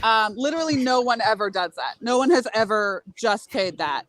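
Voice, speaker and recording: A woman's voice: fairly high pitch, animated, normal speed, fairly bright tone, no room sound, low-quality recording. A woman from Massachusetts, a podcast guest, talking casually in a frank, matter-of-fact way.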